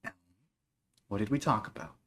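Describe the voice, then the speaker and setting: A man voicing a weary, stern elven healer mother who scolds softly and calmly. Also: normal speed, a little hiss or hum, natural voice. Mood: reproachful. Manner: soft, low and calmly scolding.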